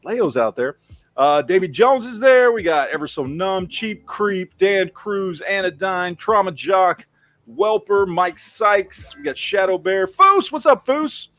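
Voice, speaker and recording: A man's voice: sits high, animated, measured pace, a bit bright, no room sound. Profane Texan man hosting a livestream. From Texas. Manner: rambling, profane, reads chat names aloud. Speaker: livestream host. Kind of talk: casual livestream chat.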